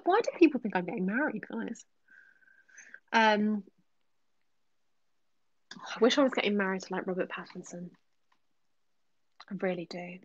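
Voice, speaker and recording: A young woman hosting a relaxed livestream, answering chat questions in a chatty voice that slips into soft whispers. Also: mid-range voice, normal speed, pauses often, husky, dry recording, highs cut off. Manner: chatty, drifting between normal voice and soft whispers. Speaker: ASMR livestream host.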